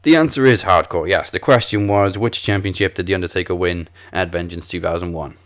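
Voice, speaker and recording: A man with a very low voice runs a quiz on a casual podcast chat. He talks in a relaxed, playful way and laughs off his own clumsy tries at foreign words. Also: a little fast. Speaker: podcast co-host running a quiz game.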